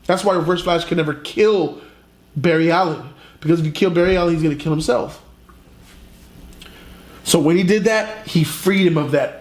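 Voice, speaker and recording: A man retelling a comic plot in a casual, animated, profane way, as a reviewer. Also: high-pitched. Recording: roomy echo.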